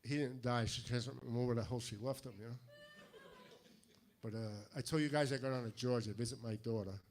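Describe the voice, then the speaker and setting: An older man from Fall River with a New England accent, doing a stand-up routine of deadpan one-liners with punchy timing. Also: mid-range voice, brisk. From Fall River, Massachusetts. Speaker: stand-up comedian. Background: audience laughter.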